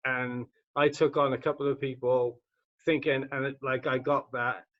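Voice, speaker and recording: A man's voice: medium pitch, level tone, normal speed, muffled recording. A man interviewing a guest, mostly nodding along with short agreements before asking his own questions. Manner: frequent short agreeing backchannels. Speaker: interviewer, martial arts instructor. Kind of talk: casual interview.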